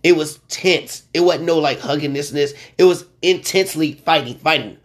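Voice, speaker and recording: A man hosting a sports talk show, rambling and excitable with lots of slang. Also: on the high side, moderate pace. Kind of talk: casual sports commentary.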